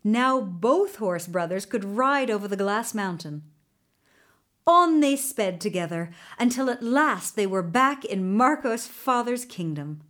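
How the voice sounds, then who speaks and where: A woman reads a children's fairy tale aloud in a gentle, measured manner. Her delivery is slow and unhurried, at a middling pitch. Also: animated. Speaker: storyteller. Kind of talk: storybook narration.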